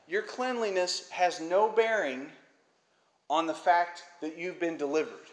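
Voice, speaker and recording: A man's voice: sits high, animated, unhurried. A man teaching the Bible in a casual, conversational way, asking rhetorical questions. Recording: roomy echo.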